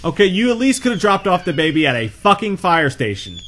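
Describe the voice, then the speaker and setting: A man's voice: high-pitched, very animated, fairly quick, fairly bright tone, soft background music. A man co-hosting a casual movie commentary, wisecracking and swearing often. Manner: wisecracking, profane.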